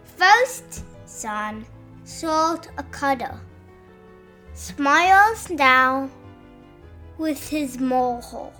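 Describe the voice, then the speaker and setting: A young boy with a high, bright voice reads out his poem slowly, word by word, as a woman puts him on. He is eager and curious, a child in a storybook. Soft music plays behind him. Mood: reciting.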